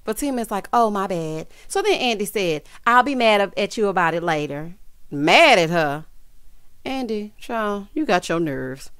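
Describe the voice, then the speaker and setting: Mid-range in pitch, her voice is lively and fairly bright, delivered at a measured pace with a clean, echo-free studio tone. She casually and sassily recaps a TV episode, calling the listener child and honey and mimicking characters' lines.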